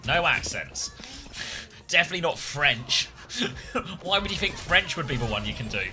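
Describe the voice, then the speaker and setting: A man's voice: on the high side, sing-song, measured pace, music in the background. A man casually co-streaming an esports match from the south of England, chatting with his viewers and laughing often. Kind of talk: casual live co-stream commentary.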